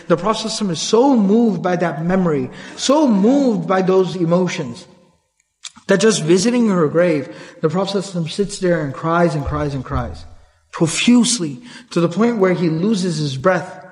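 High-voiced man giving an earnest lecture. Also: long reverb tail. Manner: earnest storytelling, recites Arabic then translates. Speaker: Islamic lecturer. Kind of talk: religious lecture.

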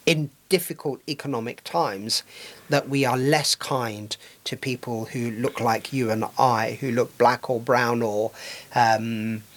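A man's voice: medium pitch, fairly even intonation, unhurried. A man co-hosting a casual radio chat, talking with many ums and restarts. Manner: hesitant, many fillers and restarts. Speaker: radio co-host.

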